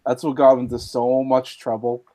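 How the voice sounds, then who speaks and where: A man's voice: mid-range voice, completely flat delivery, a little fast, mellow. A man on a casual live-stream group chat who stammers and chuckles while he talks.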